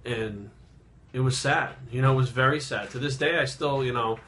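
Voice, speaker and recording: A man in his thirties tells a personal story in a subdued, reflective tone. His talk rambles and halts, full of restarts and casual swearing. His voice sits at an ordinary middle pitch. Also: a bit bright. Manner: rambling, halting, with frequent swearing. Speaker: fitness vlogger.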